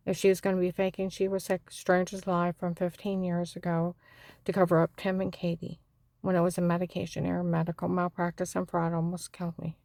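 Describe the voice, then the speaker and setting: A woman's voice: lowish voice, level tone, fairly quick, creaky, a little mellow, no room sound. A woman giving a rambling, fragmented personal testimony.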